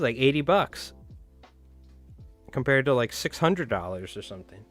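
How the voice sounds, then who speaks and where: A man's voice: mid-range voice, big pitch swings, moderate pace, long pauses, fairly bright tone, soft background music. A man hosting a casual fly tying livestream who chats with viewers, rambles from one story to the next and swears freely.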